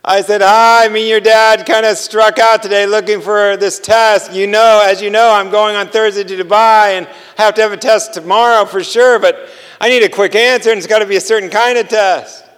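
Male preacher, high and clear voice, animated storytelling, hall echo. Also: normal speed. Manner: animated storyteller, acts out dialogue with laughs. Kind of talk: sermon storytelling.

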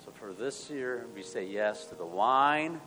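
A male pastor leading an earnest spoken prayer, moving between hushed and loud passages. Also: mid-range voice, animated, measured pace. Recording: long hall reverb, soft music.

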